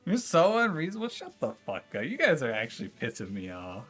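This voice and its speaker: A man's voice: fairly high pitch, huge pitch swings, brisk, a bit bright, soft background music. A man streaming a game who rants and argues with his chat, swearing and exasperated. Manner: exasperated, profane ranting; argumentative, talking back to chat. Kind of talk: casual livestream chat with viewers.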